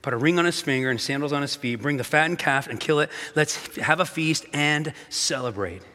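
A man preaching in a church, his voice bright and forceful, a touch high for a man. He keeps it upbeat and playful and talks straight to the room, a little out of breath, with long hall reverb and faint music behind him. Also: a little fast. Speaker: pastor. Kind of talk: energetic sermon. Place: church sanctuary.

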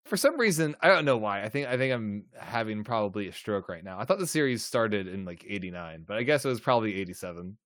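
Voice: mid-range voice, lively intonation, quick pace, few pauses, a bit bright, no room sound, studio quality. A podcast co-host in casual chat, joking and stumbling into restarts.

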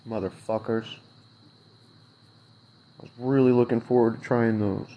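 A man's voice: mid-range voice, steady tone, measured pace, highs cut off. A man venting as an unhappy customer in a fuming, sarcastic rant full of swearing that rambles loosely from point to point. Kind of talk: angry profane rant to camera.

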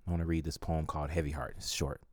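A man hosting a devotional podcast, reading scripture and reflecting on it earnestly and emotionally, his voice climbing when moved, with some halting restarts. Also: rumbling low, flat delivery, darkish tone, no room sound, clean studio sound.

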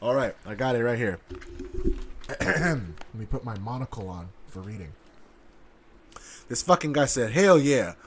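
A man's voice: mid-range voice, animated, unhurried, pauses often, slight background noise. A man giving heated, profane ranting commentary in an aggressive, sarcastic manner. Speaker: online commentator.

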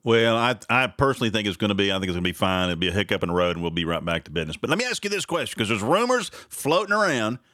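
A man's voice: lowish voice, very animated, very fast, hardly any pauses, pushed and bright, dry recording, studio quality. A man hosting a casual radio interview, asking questions in a joking, teasing way. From Oklahoma. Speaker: radio host.

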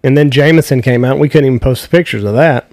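A man hosts a casual chat, his voice pitched in the middle range for a man. He cuts in with short, dry, teasing remarks. The recording is close and dry. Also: fast, a little mellow, no room sound. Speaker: podcast host.

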